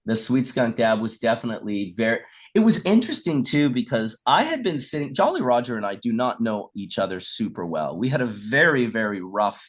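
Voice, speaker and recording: A man's voice: medium pitch, fairly quick, hardly any pauses. A middle-aged man chatting as a guest, telling stories casually and acting out the voices of the people in them, with the odd swear word. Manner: animated storyteller who acts out quoted voices and swears casually. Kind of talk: casual storytelling chat.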